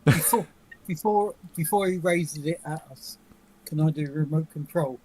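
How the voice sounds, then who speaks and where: A man's voice: on the high side, moderate pace, darkish tone, rough recording. A man playing a tabletop game, asking about the scene. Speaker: player. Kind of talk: casual tabletop play.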